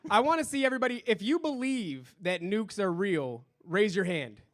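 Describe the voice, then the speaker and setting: A man with a high voice hosts a live podcast, rambling and joking in a mock-ominous tone. He talks quickly and half under his breath. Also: lively intonation. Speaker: podcast host.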